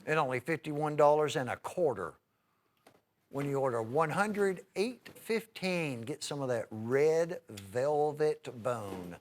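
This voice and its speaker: A man's voice: fairly high pitch, animated, takes it slowly. A man hosting a live TV shopping show, selling in a folksy, enthusiastic, chatty way with many fillers. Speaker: TV shopping host. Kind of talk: live TV shopping sales pitch.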